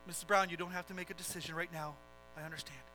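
A man's voice: a little high, steady tone, rapid-fire, over music, pitched below the performer's own voice, natural voice, rough recording. A man voicing an angry male police officer who blusters and rails against the culprit. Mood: calm. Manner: blustering, indignant.

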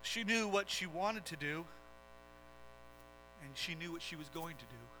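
A man's voice: on the high side, animated, measured pace, bright, forceful tone, soft background music, low-quality recording. A man preaching a dramatic sermon story, telling it with impassioned, swelling emphasis.

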